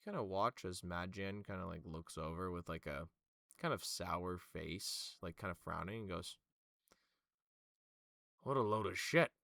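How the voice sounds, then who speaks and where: A man's voice: sits low, normal speed, vocal fry, pushed and bright, no echo. A man narrating as game master for a tabletop game, loose and full of fillers.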